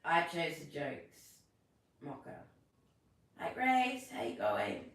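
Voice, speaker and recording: A woman's voice: low voice, huge pitch swings, takes it slowly, long pauses, recorded from a distance. A woman hosting a casual live stream, chatty and self-deprecating, telling corny jokes while a little sick. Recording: echoey room, away from the mic.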